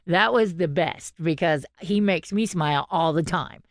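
A woman's voice: lowish voice, measured pace, no room sound, studio quality. A woman podcast co-host, chatting casually and acting out the voices of people in her stories. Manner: animated storytelling, acting out quotes.

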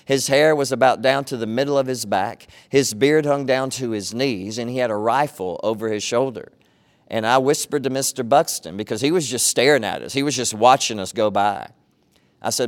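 Preacher guy, middle-aged, chatty earnest sermon, telling stories, normal-pitched voice. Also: fairly quick. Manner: storytelling, earnest and conversational. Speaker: pastor.

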